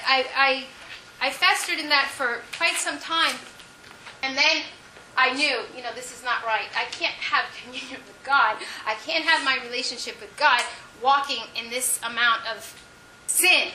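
A woman's voice: sits high, bright, forceful tone. A woman sharing a testimony in a sermon, telling her story emphatically. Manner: emphatic storytelling, with frequent laughs. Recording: echoey room, speaker far from the mic, faint noise.

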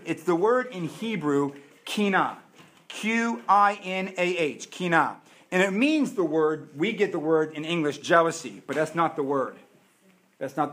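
A man preaching a sermon as a pastor, emphatic, with dramatic pauses and swings between loud and soft. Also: high-pitched. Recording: echoey room.

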